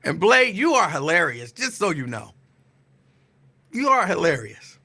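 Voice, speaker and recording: Lively, bright-toned man ranting on his podcast. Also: high-pitched, unhurried. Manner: animated, teasing, profane, repetitive. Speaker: podcast host. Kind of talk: casual call-out rant.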